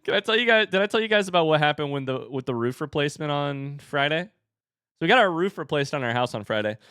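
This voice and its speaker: A man in his thirties chatting casually with his live-stream audience in an animated way. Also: a little high, quick pace, clean tone, dry recording, studio quality. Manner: chatty and animated, baby-talks his dogs.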